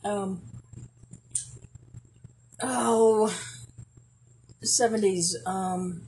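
Slow-talking woman podcast host. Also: mid-range voice, steady tone, darkish tone, breathy edge. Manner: swears a lot, trails off searching for words. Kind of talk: casual chat.

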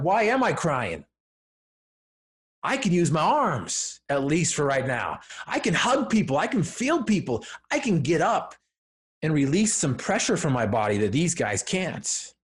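A man, a podcast guest, telling a personal story in an earnest, emphatic way that builds to firm declarations. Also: mid-range voice. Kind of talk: personal story told in conversation.

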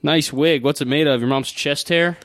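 A man's voice: fairly even intonation, normal speed, a bit bright, no echo. A young man co-hosting a podcast, bantering casually and joking between laughs. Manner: joking, laughs often, swoops into a high playful voice. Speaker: podcast co-host.

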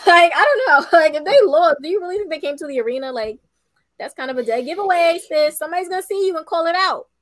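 Female podcast co-host, high pitch, playful slangy delivery. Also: animated, quick pace. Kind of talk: casual wrestling chat.

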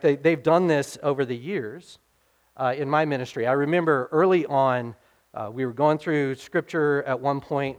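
A middle-aged man preaching a sermon as pastor, in an earnest, conversational way, often checking in with his listeners. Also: mid-range voice.

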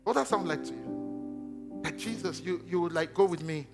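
A man preaching a lively sermon. He jumps between loud exclamations and hushed asides, and he acts out the quoted voices. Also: on the high side, moderate pace, faint music behind.

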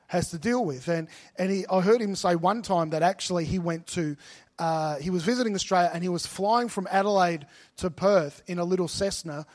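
A middle-aged man preaching a sermon, telling stories and rising to loud, emphatic peaks. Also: sits high. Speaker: pastor.

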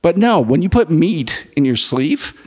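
Animated man retelling movie scenes. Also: on the high side, measured pace, breathy edge. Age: 40s. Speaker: podcast co-host. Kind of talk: casual chat. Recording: long hall reverb.

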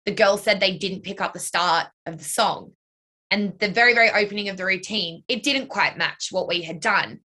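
A young woman who works as a dance and cheer coach and choreographer answers interview questions chattily, full of "like" and "you know." Her mid-range voice is bright and forceful, at a normal speed.

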